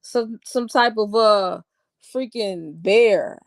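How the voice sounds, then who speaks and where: A woman's voice: mid-range voice, slow, slight background noise. A woman giving casual reaction commentary in a sarcastic, mocking tone, talking back at what she watches. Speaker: online commentator.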